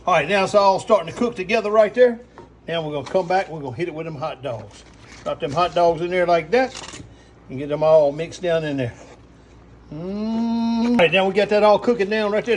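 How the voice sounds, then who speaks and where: A man's voice: high-pitched, darkish tone, slight background noise. A man with a Southern US accent hosting a casual cooking vlog, folksy and drawling, with frequent exclamations. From Louisiana. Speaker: cooking channel host.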